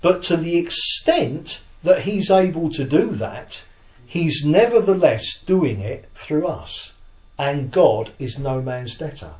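Man Bible teacher, fairly high and animated voice, unhurried, in a roomy, muffled recording. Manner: explains slowly, checks if listeners follow; reads handout text aloud slowly. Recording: echoey room, dull lo-fi sound.

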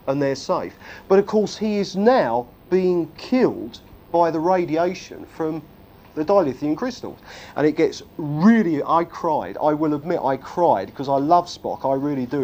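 A man preaching a sermon, telling stories with self-deprecating jokes and a lively, animated delivery. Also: a little high. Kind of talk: humorous sermon.

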